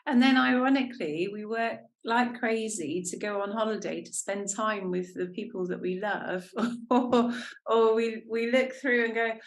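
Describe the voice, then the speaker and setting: A woman's voice: on the high side, a little slow. A woman co-hosting a podcast, candidly sharing a personal story in a self-reflective, casual chat. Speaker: podcast co-host.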